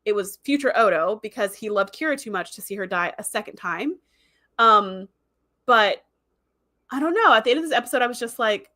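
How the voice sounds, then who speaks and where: A woman's voice: on the high side, animated, a little fast, pushed and bright. A woman hosting a casual livestream, chatting in a rambling way and reading viewer comments aloud. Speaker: livestream host.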